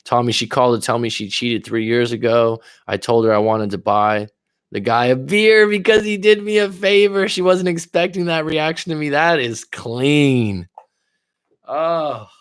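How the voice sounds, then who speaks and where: Male life coach, mid-pitched, loose and profane livestream chatter, dry close sound. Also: moderate pace, smooth, no room sound. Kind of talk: casual livestream chat reading viewer comments.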